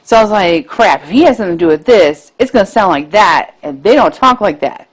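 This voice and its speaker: Excitable woman co-hosting a casual podcast. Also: mid-range voice, brisk. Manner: excitable, gushing about favorite movies. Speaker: podcast co-host. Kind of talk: casual chat.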